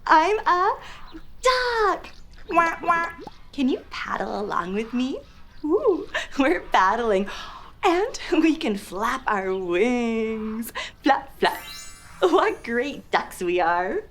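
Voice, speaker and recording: A young woman talks to toddlers in a high, bouncy voice that swoops up and down. She speaks very slowly and spells out words letter by letter, playful and exaggerated. A faint room hum sits behind her. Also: big pitch swings. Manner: exaggerated, playful, lots of laughs and gasps. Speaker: children's educational host. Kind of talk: slow, sing-song toddler teaching with animal sounds.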